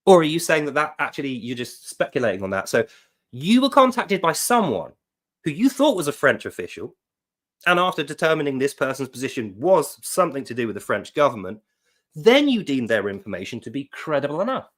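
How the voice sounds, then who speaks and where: Sarcastic man, lively delivery. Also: medium pitch, fairly quick. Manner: mocking, reads quotes aloud in put-on voices. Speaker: online commentator. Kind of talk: sarcastic reaction commentary.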